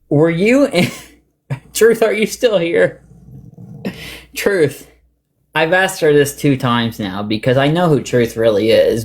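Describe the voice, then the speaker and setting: A man hosting a casual livestream, rambling through gossip and getting animated as he retells online drama. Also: on the high side. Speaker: livestream host.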